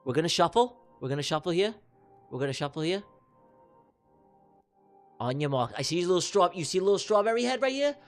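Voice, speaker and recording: A livestream host running giveaway races, calling them with excitable, teasing commentary and repeated catchphrases. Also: medium pitch, a little fast, long pauses, soft background music. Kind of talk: playful live race commentary. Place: live stream broadcast.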